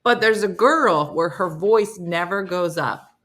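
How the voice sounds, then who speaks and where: Woman, middle-aged, comedy morning show host, casual animated storytelling, slightly low voice. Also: unhurried.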